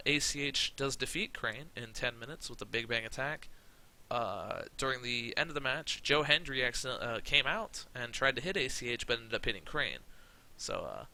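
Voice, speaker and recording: A man's voice: mid-range voice, vocal fry, pushed and bright, low-quality recording. A man giving rambling, sarcastic commentary on his wrestling management game, swearing casually. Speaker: let's play commentator.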